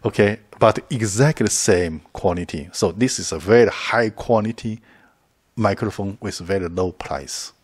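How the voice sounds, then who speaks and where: Man, middle-aged, low husky voice, casual rambling chat, repeats words, chuckles. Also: moderate pace. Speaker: video creator. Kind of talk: casual talk to camera.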